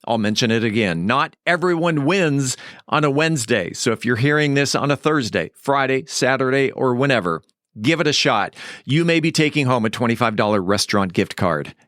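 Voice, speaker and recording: A man's voice: medium pitch, animated, moderate pace, fairly bright tone, no room sound, studio quality. A man co-hosting a local news podcast, reading sponsor copy in a friendly, upbeat announcer manner and then interviewing a guest. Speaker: podcast co-host.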